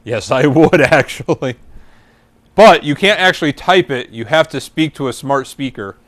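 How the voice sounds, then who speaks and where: A man's voice: fairly high pitch, lively intonation, normal speed, fairly bright tone, no room sound. A man co-hosting a casual comedy talk show, teasing his co-host with dry humor.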